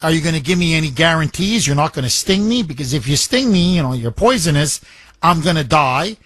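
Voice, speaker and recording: A man voicing a wary, reasonable frog in a spoken fable, talking quickly as he reasons things out. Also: fairly high pitch, animated, a bit bright, no room sound.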